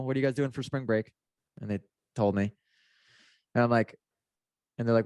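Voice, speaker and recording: A man's voice: medium pitch, fairly even intonation, fast, long pauses, a little mellow, no echo, clean studio sound. A man, a mindset coach guesting on a podcast, telling a story casually, laughing and acting out the messages he quotes.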